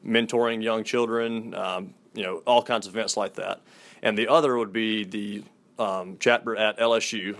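A young man in his twenties speaks with a Mississippi Southern accent, answering interview questions in a friendly, easygoing way. His voice sits low and he talks quickly. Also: fairly bright tone. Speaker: fraternity headquarters staffer.

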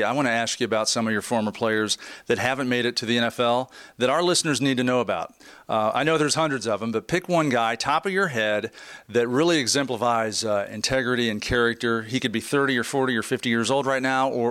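A man's voice: mid-range voice, a bit bright, clear, resonant tone, no echo. A man hosting a talk show, asking rambling questions and joking with his guests. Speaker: radio show host. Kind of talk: casual interview.

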